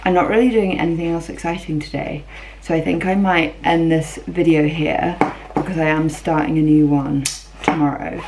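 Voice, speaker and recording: Young woman vlogging at home, low voice, chatty and matter-of-fact, bit of background noise. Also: steady tone, moderate pace. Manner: chatty, matter-of-fact commentary while showing things. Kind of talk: casual vlog chat. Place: home, indoors.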